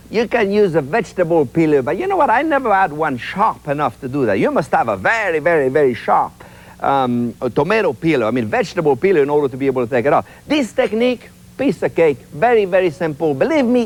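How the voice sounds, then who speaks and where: Animated TV chef. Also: male voice, high voice. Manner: chatty, enthusiastic, repeats words for emphasis. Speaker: TV cooking show host. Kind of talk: cooking demonstration. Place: TV studio kitchen.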